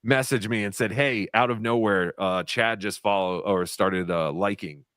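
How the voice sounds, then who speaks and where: Male livestream host, casual, smooth clear voice, dry close mic. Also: fairly low pitch, moderate pace, a bit bright, no echo. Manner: loose, laughing, swears casually.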